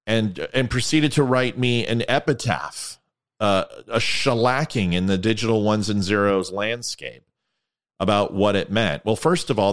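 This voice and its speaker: A man hosting his own show in a casual monologue. He rambles and gets sarcastic. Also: lowish voice. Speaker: podcast host.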